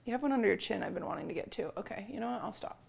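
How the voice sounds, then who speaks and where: A woman's voice: on the high side, expressive, rapid-fire, creaky, a little hiss or hum. A young woman streaming from her home kitchen, chatting casually with viewers and cooing at her cat between remarks. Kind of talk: casual live-stream chat.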